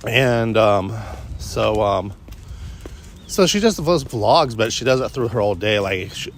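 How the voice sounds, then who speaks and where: A man's voice: lowish voice, unhurried. Vlogger, male, rambling walk-and-talk delivery, loose and chatty, faint traffic behind. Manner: meandering, self-interrupting, frequent restarts. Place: outdoors on a morning walk.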